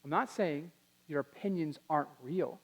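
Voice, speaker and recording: A young man giving an animated talk to a youth audience, acting out quotes in put-on voices. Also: a little high, normal speed. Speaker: youth speaker.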